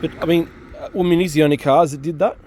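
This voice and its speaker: A young man who hosts the channel chats casually while working on a car in his home garage, talking fast in a slightly high, steady voice. He laughs often and asks lots of questions, with background noise behind him.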